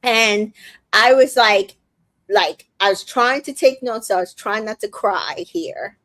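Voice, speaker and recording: A woman's voice: mid-range voice, unhurried, fairly bright tone, dry recording. A woman hosting a casual recap chat, retelling scenes with lots of swearing and filler words. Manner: retells scenes quoting people, swears freely, many fillers. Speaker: recap podcast host.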